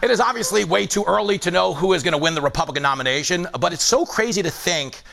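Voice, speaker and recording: A man's voice: sits high, fast, gravelly, heavy background noise. A man hosting a late-night comedy monologue, joking and acting incredulous in front of a live studio audience. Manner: animated, joking, mock-incredulous.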